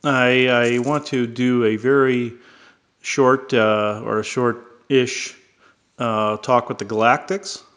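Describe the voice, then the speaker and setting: A man's voice: mid-range voice, little pitch movement, takes it slowly, fairly bright tone, clean tone. A man casually introducing a channeling session, talking hesitantly with many fillers and restarts.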